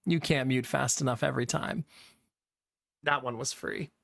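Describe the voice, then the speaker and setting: This man's voice is mid-range and gravelly with a slightly bright edge, delivered at a moderate pace with fairly even intonation. He's from Ohio, USA, chatting casually with viewers on a live stream, joking and laughing often into a studio condenser mic.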